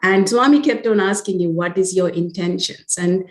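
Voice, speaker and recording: A woman's voice: lowish voice, normal speed, roomy sound, rough recording. A woman moderating a panel discussion, asking her question hesitantly with many ums and uhs.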